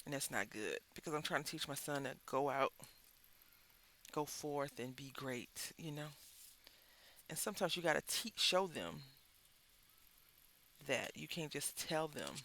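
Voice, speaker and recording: Gravelly-voiced man chatting while crafting. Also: fairly high pitch, lively intonation, measured pace, pauses often, pushed and bright, slight background noise. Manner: rambling, candid storytelling, talks to viewers as y'all. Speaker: craft vlogger. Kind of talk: casual chat while crafting.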